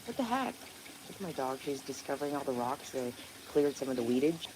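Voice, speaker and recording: Woman rambling thru a morning livestream outside, low voice that swings all over, pond and critter noise behind. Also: big pitch swings, a little fast. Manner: rambling, swearing, answers viewer comments aloud. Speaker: livestream host. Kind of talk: casual livestream chat. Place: outdoors by a backyard pond. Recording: outdoor noise in background.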